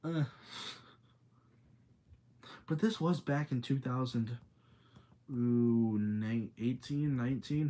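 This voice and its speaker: Rambling young man, mellow voice. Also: medium pitch. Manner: rambling, chatty, reads chat aloud. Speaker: streamer. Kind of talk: casual storytelling on a livestream.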